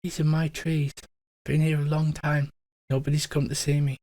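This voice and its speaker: A man voicing a shy, lonely female tree spirit who speaks softly and pleads. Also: on the high side, little pitch movement, normal speed, dry recording, natural voice. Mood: lonely pleading. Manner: soft, timid and pleading.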